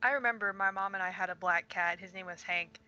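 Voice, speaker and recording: A woman's voice: medium pitch, fairly quick, dull audio, noisy background. A woman guest chatting casually on a stream, giggly and talkative. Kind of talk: casual chat.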